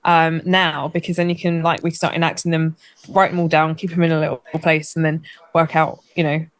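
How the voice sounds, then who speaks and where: A woman's voice: deep voice, flat delivery, a little fast. A woman co-hosting a podcast in casual chat, laughing often as she talks. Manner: chatty, laughs often, runs through tour dates. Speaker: podcast co-host.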